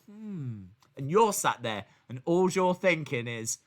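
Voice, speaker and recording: A young man riffing on a live watch-along stream, his voice sitting high and sounding bright and forward. He jokes around constantly, slipping into mock dialogue and bursting into shouts before dropping back to a mutter. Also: normal speed, hardly any pauses. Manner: animated, jokey, acts out little scenes with shouted bits. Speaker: wrestling reaction streamer.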